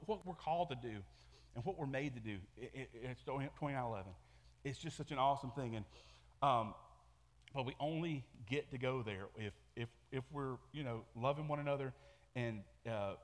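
A man's voice: mid-range voice, moderate pace, big-room sound. A man preaching a sermon to his church in a casual, conversational way, often repeating words and restarting sentences. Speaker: pastor. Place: church sanctuary.

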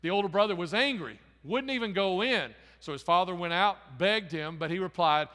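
A man's voice: high voice, animated, brisk, few pauses, fairly bright tone. A man preaching a sermon, retelling a parable in a conversational, storytelling way with frequent restarts and repeated words. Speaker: pastor. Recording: long hall reverb.

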